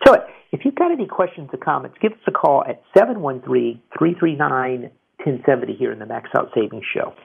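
Male radio host, rambling casual call-in talk, husky voice, tinny phone-like audio. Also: mid-range voice, lively intonation, fairly quick. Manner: rambling, with many repeated restarts. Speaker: radio financial advice show host.

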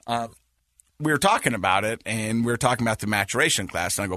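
A man in his forties hosting a podcast, telling family stories in a casual, animated way and laughing at his own jokes. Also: lowish voice, quick pace, no echo, clean studio sound. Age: 40s. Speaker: podcast host.

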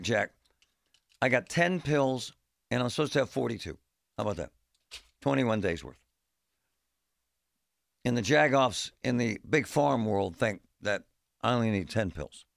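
A man's voice: on the low side, gravelly, no echo, clean studio sound. A man hosting a talk radio show, speaking bluntly in a fed-up, folksy way. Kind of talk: opinionated talk radio monologue. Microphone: studio microphone.

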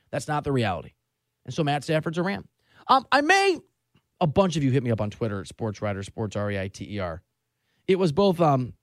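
A middle-aged man hosts a sports talk show with a lively, swooping delivery and a voice pitched a bit high for a man. He is sarcastic and pokes fun at himself. The sound is dry and close. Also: dry recording. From Southern California. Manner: animated, sarcastic, self-mocking. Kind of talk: casual sports talk banter.

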